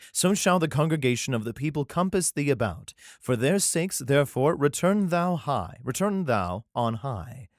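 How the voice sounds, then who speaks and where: A man's voice: mid-range voice, dry recording, studio quality. A man reading scripture aloud and breaking off for wry, sarcastic asides. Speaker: Bible reader and commentator.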